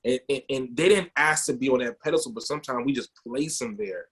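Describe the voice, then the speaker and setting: A man co-hosting a podcast, telling a personal story in an animated way and often repeating words. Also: medium pitch, a little fast, husky. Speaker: podcast co-host.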